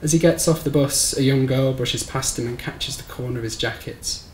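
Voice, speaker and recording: A man reading his own short story aloud at a live bookshop event, in a measured, somber storytelling manner. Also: mid-range voice, a little mellow. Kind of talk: live reading of literary fiction. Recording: roomy live recording with faint background noise.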